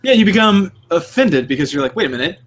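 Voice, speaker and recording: A man's voice: high voice, quick pace. A man co-hosting a podcast in casual chat, swearing freely and acting out the voices he quotes. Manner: animated, profane, acts out quoted voices. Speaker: podcast co-host.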